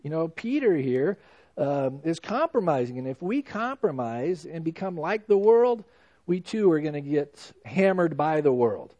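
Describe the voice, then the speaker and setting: Man, pastor, sermon, conversational preaching, "you know" asides, somewhat high voice. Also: sing-song, measured pace, warm tone, muffled recording.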